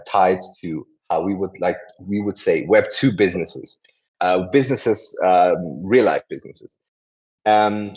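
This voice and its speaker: A man hosts a community audio event, chatting casually and making introductions in a rambling way while often correcting himself mid-sentence. His voice is lowish and a little mellow.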